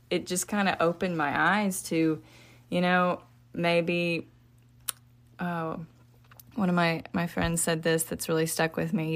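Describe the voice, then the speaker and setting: A woman author and podcast guest, talking in a soft-spoken, reflective way. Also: deep voice. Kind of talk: faith podcast conversation.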